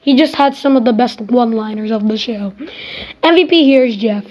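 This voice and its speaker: Casual reviewer, woman, high-pitched, exasperated rant, dull lo-fi mic. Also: a little fast, a little mellow. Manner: exasperated, ranting, emphatic; swears casually. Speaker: TV episode reviewer. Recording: dull lo-fi recording.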